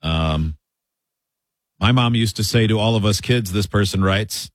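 A man's voice: lowish voice, unhurried, long pauses, no room sound. A man co-hosting a casual studio chat, reading out listener messages and laughing easily. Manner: reads listener texts aloud, laughs easily.

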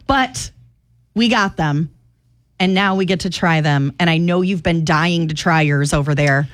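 A woman co-hosting a morning radio show, chatting casually and telling stories in a chatty, animated way with frequent laughter. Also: on the low side, a little slow. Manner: chatty, animated storyteller who laughs often. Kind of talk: casual on-air banter. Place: radio studio.

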